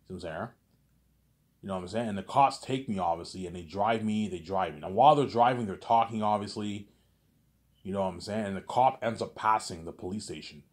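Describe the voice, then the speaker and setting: A man's voice: lowish voice, fairly quick. A man telling a long, rambling story casually, repeating words often and adding constant filler tags.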